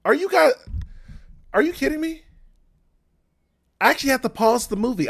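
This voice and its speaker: A man's voice: high voice, a bit bright. A young man hosting a movie reaction video, talking to his viewers in casual commentary, exasperated and swearing often.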